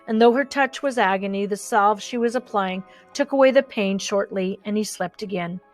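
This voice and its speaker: A woman narrating a children's novel in a gentle, measured way. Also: medium pitch, faint music behind. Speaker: audiobook narrator. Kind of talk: audiobook narration.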